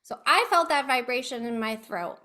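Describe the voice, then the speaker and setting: High, bright-voiced woman teaching a webinar. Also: expressive, moderate pace. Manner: patient, instructive, coaching listeners through exercises. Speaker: speech-language pathologist. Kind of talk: online educational presentation. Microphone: video call.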